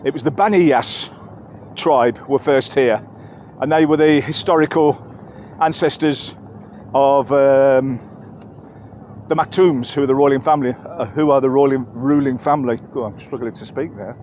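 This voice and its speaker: A man's voice: mid-range voice, moderate pace, a little mellow, slight background noise. An English man giving a chatty, rambling walking-tour commentary outdoors in busy market streets, correcting himself as he goes. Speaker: travel vlogger.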